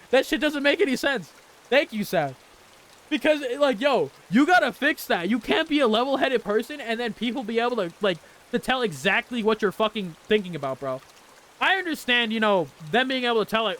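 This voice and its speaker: A man hosting a gaming channel, reacting to a story game with excitable, profane, slang-heavy rants. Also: high-pitched, fairly quick, slight background noise. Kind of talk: casual let's play reaction commentary.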